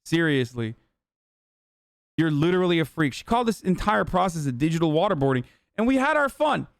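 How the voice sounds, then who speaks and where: Casting: brash young male streamer, slightly high voice, smooth and dry. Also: sing-song, no echo. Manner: profane, blunt and fast-talking. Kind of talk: live stream commentary.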